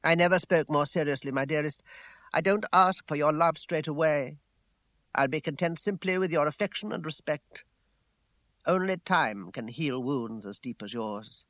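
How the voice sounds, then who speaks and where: A smooth-talking gentleman suitor pleads in an earnest, coaxing way, as a male audiobook reader puts him on. His lines are slightly high and sometimes slow. The recording is dry and close. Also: no room sound, close to an everyday voice. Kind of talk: audiobook character voice.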